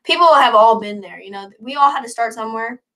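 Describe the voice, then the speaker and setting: Speaking quickly in a high, pushed, bright voice, a teenage girl in her late teens from the northern US runs a casual livestream. She rambles in a cheerful, chatty way and reads out comments from viewers.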